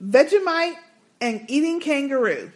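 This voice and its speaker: A woman co-hosting a casual podcast, reading listener emails with sassy, animated asides. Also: high-pitched, a little slow. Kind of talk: casual chat.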